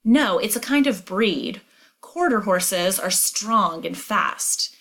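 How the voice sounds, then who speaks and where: Teacher lady reading a chapter aloud n stopping to explain stuff, clear and emphatic. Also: medium pitch, expressive, takes it slowly, fairly bright tone.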